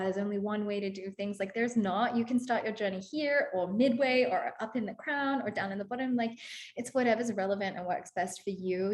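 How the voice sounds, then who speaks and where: Female workshop facilitator, mid-pitched, gentle and affirming, loose casual delivery. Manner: gentle and affirming, casual filler-heavy talk. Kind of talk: guided spiritual workshop.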